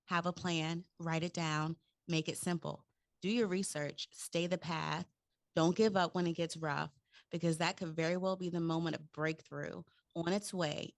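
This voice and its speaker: A woman's voice: on the low side, no room sound. A woman hosting an interview podcast, affirming her guest and reading aloud from her notes. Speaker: podcast host.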